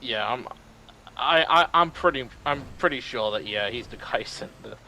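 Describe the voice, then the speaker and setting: A man's voice: medium pitch, expressive, moderate pace, sharp tone, slight background noise, low-quality recording. A man on a gaming stream, eagerly arguing lore points, swearing casually and laughing as he talks. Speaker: co-player on stream.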